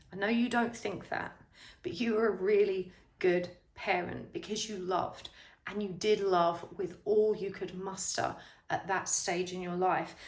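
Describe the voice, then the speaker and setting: A woman's voice: medium pitch, roomy sound. A woman giving a pick-a-card tarot reading, speaking straight to the viewer with earnest, reassuring advice. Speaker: tarot reader.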